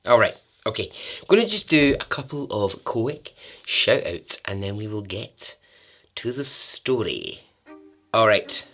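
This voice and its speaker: A man hosting his podcast in a chatty, easygoing way, often laughing and going off on tangents. His voice sits at an ordinary middle pitch, with soft music playing faintly behind him. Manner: chatty and friendly, laughing often and wandering into asides. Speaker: podcast host. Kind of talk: casual podcast chat.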